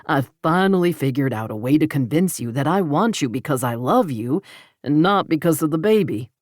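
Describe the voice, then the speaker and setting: A man's voice: on the high side, lively intonation, normal speed, no room sound, clean studio sound, lightly acted. A woman voicing an earnest rancher man.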